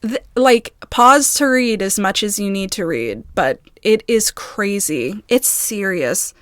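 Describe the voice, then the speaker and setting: A woman vlogger in a casual video, reading messages aloud in quick bursts and breaking off in agitated, halting asides. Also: medium pitch, animated, dry recording, studio quality. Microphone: phone.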